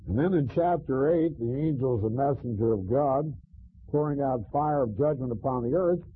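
Husky male Bible teacher, tinny sound. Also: medium pitch. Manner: measured teaching with frequent "uh" pauses.

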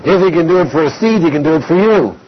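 A man preaching an expository Bible lesson, slow and deliberate, reading scripture aloud between explanations. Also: a little high, animated, husky. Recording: dull lo-fi recording.

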